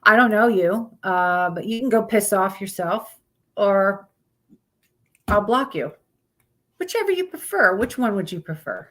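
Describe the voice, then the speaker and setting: A woman at a mid pitch hosts a casual live stream. She chats loosely, greets viewers as they come in, and trips over words while reading topics aloud. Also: lively intonation, a little slow, long pauses, fairly bright tone.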